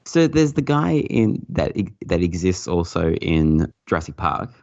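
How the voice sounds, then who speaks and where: A man's voice: low voice, sing-song, a little slow, gravelly, a little mellow, no room sound, highs cut off. A man guesting on a casual podcast, rambling and swearing freely, laughing often. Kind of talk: casual chat.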